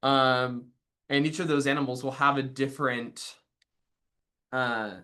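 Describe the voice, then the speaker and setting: Bright-voiced man explaining teaching. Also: medium pitch, steady tone, unhurried, clean tone. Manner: thoughtful, filler-laden explaining. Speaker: music teacher. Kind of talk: casual explanatory talk.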